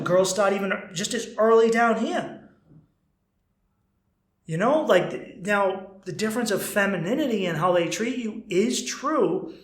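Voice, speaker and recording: A man in his thirties hosting a podcast, talking in a blunt, animated, casual way and swearing freely. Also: very high-pitched. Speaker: podcast host. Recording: roomy echo.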